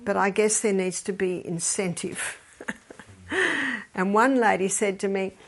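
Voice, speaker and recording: An older woman speaks at an ordinary middle pitch. She talks casually and tells stories, slipping into the voices of the people she quotes. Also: fairly even intonation, measured pace. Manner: storytelling, acts out quoted voices, quotes scripture. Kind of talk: casual advice talk.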